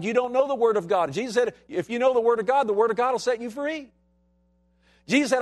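A man preaching a sermon in a dynamic style, dropping to quiet low asides and rising to loud, slow, emphatic lines. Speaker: pastor.

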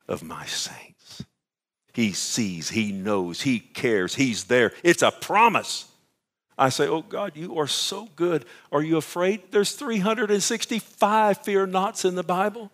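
A man preaching a sermon with fervor, dropping to hushed whispers at times and rising again. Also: fairly high pitch. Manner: fervent, swings from loud to hushed whispers.

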